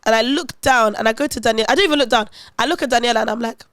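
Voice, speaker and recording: A young woman tells a story on her podcast. Her voice sits high, and the recording is dry and close. She tells it with lively, dramatic energy. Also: very fast, no echo. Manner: animated, dramatic retelling with laughter. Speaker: podcast host. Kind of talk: casual storytelling chat.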